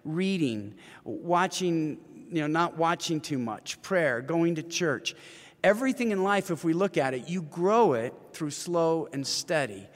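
A man's voice: a little high, lively intonation, a little slow, long reverb tail. A man in his fifties, an author and ministry leader, talking earnestly in an interview and telling stories. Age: 50s. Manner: earnest storyteller, acts out quoted voices. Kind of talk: interview conversation.

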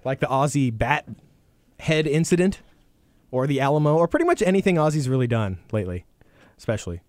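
A man's voice: medium pitch, very animated, a little fast, darkish tone, dry recording. A man who plays in bands, co-hosting a casual podcast in an easygoing, rambling way with jokey asides. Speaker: podcast co-host, musician. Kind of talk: casual chat.

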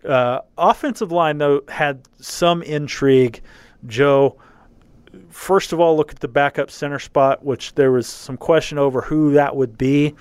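A man's voice: fairly high pitch, darkish tone, clean tone, no room sound. A man hosting a casual sports podcast, talking things through with plenty of fillers and restarts. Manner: halting, many fillers and restarts. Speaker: podcast host.

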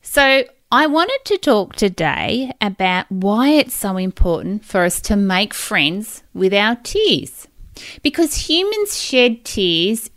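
A woman in her forties talks through her own stories on a podcast, open and emotional, circling back as she goes. Her voice is smooth and clear, her pace unhurried. The recording is dry and close, with no room sound around her. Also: a little high, dry recording. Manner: candid, emotional, rambling storytelling. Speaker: podcast host. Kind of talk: personal podcast monologue.

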